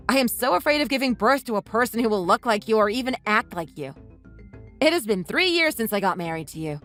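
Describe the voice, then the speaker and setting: A synthetic woman's voice plays a scornful young wife, sharp-tongued and scolding. Her pitch sits fairly high and leaps around expressively. Soft music plays underneath. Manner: mocking, scolding. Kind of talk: text-message story voice-over.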